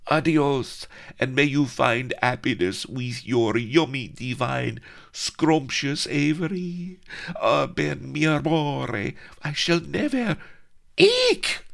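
A man voicing a swooning, melodramatic young Spanish lady in a high, fluttery, theatrical voice. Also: slow pace, gravelly, a bit bright. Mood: dramatic.

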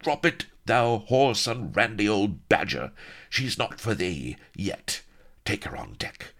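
A man's voice: on the low side, big pitch swings, takes it slowly, gravelly, a bit bright, voice pushed up, exaggerated voice. Male reader raising his voice for a swaggering lady pirate, mocking and bossy, storybook read. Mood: scornful. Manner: mocking, commanding. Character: brash greedy female pirate captain.

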